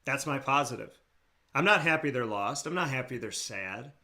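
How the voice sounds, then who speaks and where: With a mid-range voice that is animated, pushed, and bright, an American radio show host talks at normal speed. His heartfelt talk show monologue carries earnest passion, and he keeps repeating his key phrases for emphasis.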